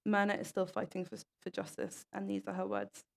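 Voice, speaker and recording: A woman's voice: mid-range voice, sing-song, a little fast, vocal fry. A young woman giving a talk at an event, reading stories aloud in an earnest way and tripping over a word now and then. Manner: earnest, with small stumbles and restarts. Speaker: speaker at an event.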